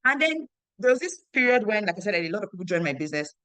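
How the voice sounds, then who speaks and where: Speaking at a quick pace in a medium-pitched voice, this young woman, a network marketing team leader, recounts a motivational tale about her business. There's no echo, and she's animated, repeating phrases and performing the quoted lines.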